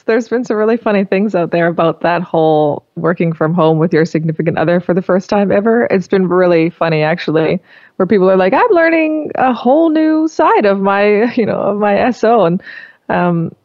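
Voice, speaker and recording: A woman who is a singer, guesting on a podcast and telling lively stories with frequent laughter. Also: mid-range voice, moderate pace, no echo, muffled recording. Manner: lively storyteller, laughs often. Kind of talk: casual chat.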